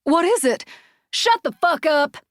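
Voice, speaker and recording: A woman narrator voicing a protective young woman friend, sharp and commanding. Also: medium pitch, animated, measured pace, no echo, clean studio sound, natural voice. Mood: alarmed fierce.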